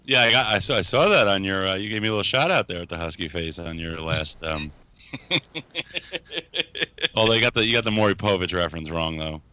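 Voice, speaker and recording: A man's voice: sits low, lively intonation, fairly quick, bright, forceful tone. A man hosting a podcast in casual chat, giggling and teasing his co-hosts. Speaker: podcast host.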